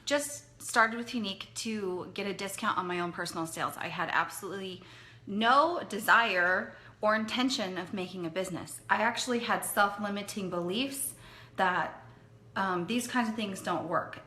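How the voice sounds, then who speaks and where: Woman, direct sales leader, motivational talk, earnest, conversational, crisp bright tone. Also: medium pitch. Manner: earnest, conversational, repeats for emphasis.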